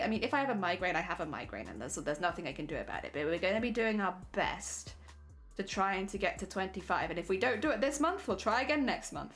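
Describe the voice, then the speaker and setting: A woman's voice: mid-range voice, a bit bright. A young British woman chatting casually with her viewers during a craft stream, laughing often. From Britain.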